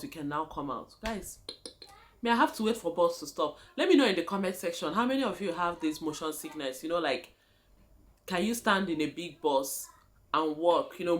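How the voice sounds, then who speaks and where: Young woman, Nigerian accent, casual vlog storytelling, animated sing-song delivery, frequent laughter. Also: lowish voice. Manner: animated, laughing often, addresses viewers as guys. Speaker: vlogger.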